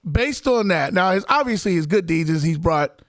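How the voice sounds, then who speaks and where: A man's voice: sits high, animated, moderate pace, no room sound, studio quality. A middle-aged man co-hosting a podcast, casually laying out stories point by point in sports banter. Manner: storytelling, lays out points for and against, mimics voices. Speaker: podcast co-host.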